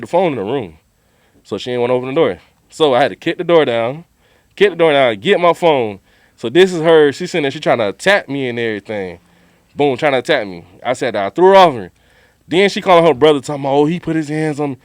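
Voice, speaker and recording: A man co-hosting a podcast, telling a story in animated, slangy casual talk and acting out quotes. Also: mid-range voice, fast, no room sound, clean studio sound. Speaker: podcast co-host.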